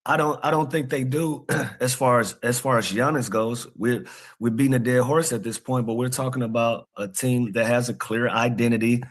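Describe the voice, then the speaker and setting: A man co-hosting sports radio, giving measured, thoughtful analysis. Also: mid-range voice, fairly even intonation. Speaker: radio co-host.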